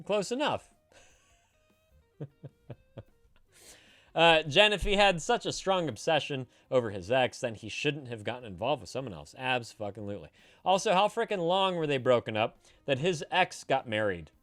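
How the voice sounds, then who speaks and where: Male streamer host, swears a lot, teases chat, bright lively voice, dry close mic. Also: medium pitch, moderate pace, long pauses, dry recording. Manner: profane, loud and teasing, drinking beer. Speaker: streamer giving advice to chat. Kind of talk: casual live-stream chat, reading chat aloud. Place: home streaming setup, San Francisco.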